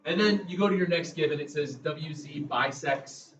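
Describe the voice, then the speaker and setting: A man's voice: fairly high pitch, moderate pace. A male math teacher giving a classroom lecture, chatty and drifting into jokey asides. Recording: echoey classroom, mic far off, muffled, faint room noise.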